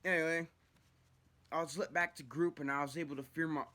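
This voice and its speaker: Bright-voiced young man ranting a story. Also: a little high, a little fast. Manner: profane, rambling, animated retelling. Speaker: vlogger telling his own story. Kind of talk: casual storytelling vlog.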